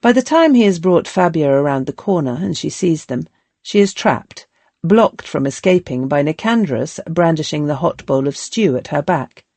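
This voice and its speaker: A woman narrating a historical novel as an audiobook in a calm, measured storytelling manner. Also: deep voice, no room sound.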